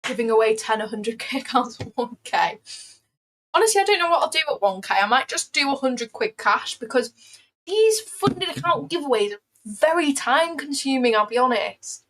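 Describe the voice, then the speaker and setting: Chatty British woman, slightly high voice. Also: big pitch swings, moderate pace, fairly bright tone, a little hiss or hum. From Britain. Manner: chatty, self-deprecating, repeats phrases, breaks into playful singing. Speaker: livestreaming day trader. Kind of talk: casual live-stream chat.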